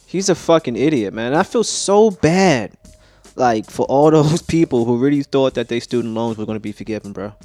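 A man's voice: medium pitch, animated, a little mellow, no echo, faint music behind. A man co-hosting a podcast, blunt and opinionated in casual banter, often chiming in with agreement. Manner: blunt, opinionated, quick to agree with "no question" and "that's what's up". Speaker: podcast co-host.

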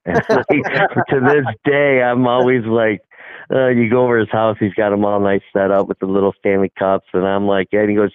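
Middle-aged coach, low voice, rambling anecdote, phone-line sound, dry. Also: male voice, steady tone, moderate pace, clean tone, no echo. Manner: rambling, acts out quoted dialogue. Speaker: hockey coach. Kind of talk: casual storytelling.

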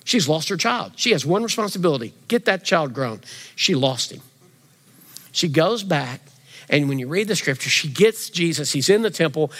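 Preaching pastor in a reverberant hall. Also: male voice, fairly high pitch, normal speed. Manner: animated preaching, swings from loud emphasis to quiet intensity. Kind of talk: sermon. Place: church sanctuary.

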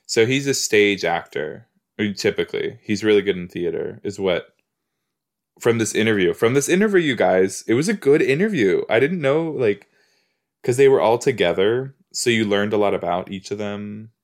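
A man's voice: lowish voice, lively intonation, normal speed. A man hosting a podcast, casually reacting while he watches a TV episode. He rambles, fills his talk with "like" and "you know", and repeats his exclamations. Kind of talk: casual watch-along chat.

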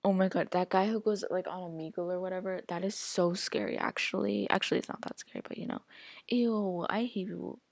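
Woman, podcast host: rambling casual chatter, lowish gravelly voice with a lot of lift. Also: expressive, fairly quick, no room sound, studio quality. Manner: rambling, chatty, heavy use of filler "like"; reacts aloud while scrolling an app. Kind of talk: casual solo podcast chat.

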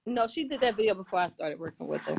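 A woman co-hosting a casual podcast, answering fast with teasing comebacks. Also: mid-range voice, lively intonation, vocal fry. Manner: quick retorts, teasing.

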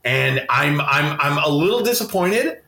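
A man's voice: a little high, expressive, measured pace, gravelly, pushed and bright, echoey room. A man co-hosting a podcast in casual chat, emphatic and swearing for stress. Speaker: podcast co-host.

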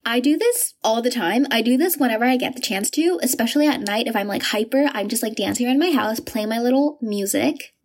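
A young woman hosting an advice podcast, talking quickly and casually with many fillers. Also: a little high, expressive. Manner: chatty, fast, many filler likes. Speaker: podcast host.

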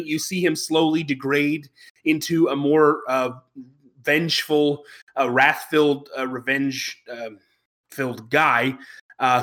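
A man's voice: on the high side, sharp tone. A man co-hosting a podcast, reviewing an anime in casual chat, wry and rambling with plenty of fillers and restarts. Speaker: podcast co-host.

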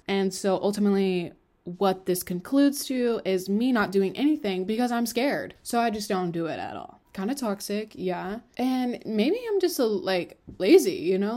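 A woman's voice: medium pitch, a little mellow. A young woman in her twenties hosting a podcast, talking candidly and emotionally in a rambling confessional monologue full of "like" and "you know.". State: tearful at times. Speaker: podcast host.

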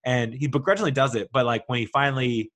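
Man in his 40s, casual review monologue, enthusiastic, rambling, filler-heavy, mid-pitched voice. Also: fairly even intonation, fast, a bit bright. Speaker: podcaster reviewing a TV show.

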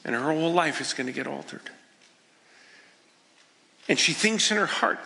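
A man preaching a sermon as pastor, telling everyday stories and voicing people's quiet prayers in a conversational way. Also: on the high side, expressive, moderate pace, creaky, in a large hall. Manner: conversational storytelling, acting out people's inner prayers.

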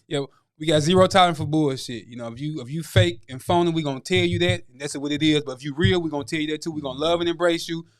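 A man's voice: fairly high pitch, quick pace, few pauses. A middle-aged man and firefighter, a guest telling a story in a laid-back, rambling way with many asides. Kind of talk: casual storytelling.

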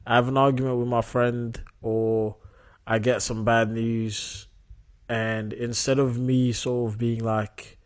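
A man's voice: medium pitch, level tone, takes it slowly. A young man hosting a casual solo podcast, talking reflectively and often checking in with the listener through tag questions. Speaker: podcast host.

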